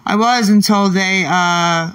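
This livestreamer, a man who's a parent, is reading chat late at night, grumpily retorting to commenters while muttering repeated words. He speaks slowly in a high, clean, fairly bright voice.

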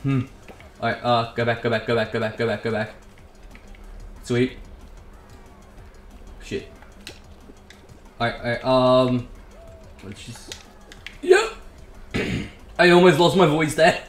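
A man giving excitable, casual commentary as he plays a game, swearing and talking to himself. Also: mid-range voice, slow, long pauses, soft background music. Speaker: gaming YouTuber. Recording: echoey room with faint background hiss.

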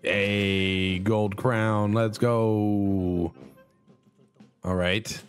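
A man hosting a casual let's play, commenting on a silly game and jumping into high excited yelps. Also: drawn-out words, faint music behind. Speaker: gaming channel host.

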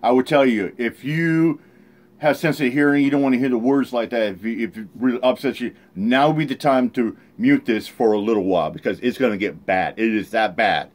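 A man's voice: mid-range voice, fairly quick, darkish tone. A man giving angry reaction commentary on a played clip, ranting heatedly and swearing often. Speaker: online commentator.

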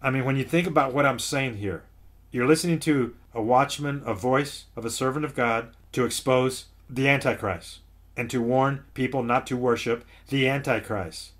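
A man's voice: medium pitch, normal speed, fairly bright tone. A man preaching to an online audience as host of his ministry, urgent and insistent, repeating phrases and calling listeners "folks". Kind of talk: preaching to camera.

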